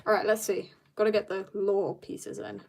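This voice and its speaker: A woman's voice: medium pitch, level tone, moderate pace, creaky, a little mellow. A woman from South Africa chatting casually with viewers as she draws on a livestream from home, reading out and answering their comments. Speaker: art livestreamer. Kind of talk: casual chat while drawing live. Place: home, room upstairs.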